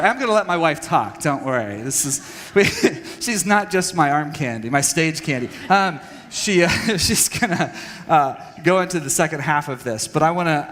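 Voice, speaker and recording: A man from Texas tells his family's story to a church audience in a candid, self-deprecating way, full of fillers and restarts. His voice sits a little high. The sound carries the long reverb of a large hall. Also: fairly bright tone. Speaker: speaker at a church parenting session. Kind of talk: personal talk to an audience.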